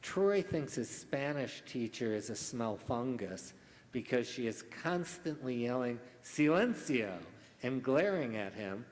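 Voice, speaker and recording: A man's voice: medium pitch, lively intonation, a little mellow. A man serving as pronouncer at a spelling bee, reading out words and their definitions in a formal, carefully enunciated manner. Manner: slow, deliberate enunciation. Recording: echoey hall.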